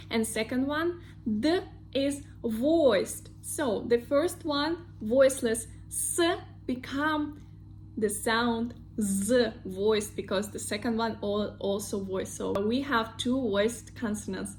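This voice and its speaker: Slow-speaking Russian-accented woman teacher. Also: fairly high pitch, a little hiss or hum. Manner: slow, patient, repeats example words several times. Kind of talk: casual online language lesson.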